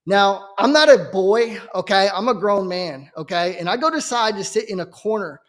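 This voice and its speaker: Man, high voice, earnest preacher, personal testimony, fervent, keeps asking "okay?". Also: moderate pace. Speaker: Christian preacher giving his testimony.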